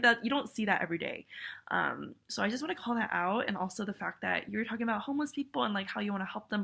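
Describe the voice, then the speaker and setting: A woman's voice: medium pitch, vocal fry, fairly bright tone. A young woman with a cold and a nasal voice, rambling through a casual, heartfelt video message recorded on a webcam at home. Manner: rambling, many fillers and restarts. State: sick, nasal. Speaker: viewer sending a video message. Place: at home on her bed. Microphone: photo booth webcam.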